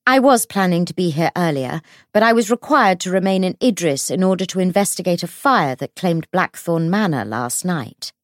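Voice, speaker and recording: A woman's voice: on the low side, big pitch swings, a little slow, a little mellow, no room sound, studio quality. A woman voicing a small, neat middle-aged official who speaks in a practiced, projecting tone. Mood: firm formal.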